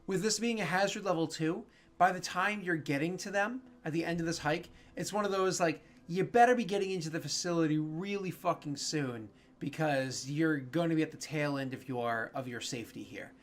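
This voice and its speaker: A man running a tabletop game as game master, his voice sitting somewhat high. He rambles through the narration, full of fillers and self-corrections. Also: a little fast, hardly any pauses.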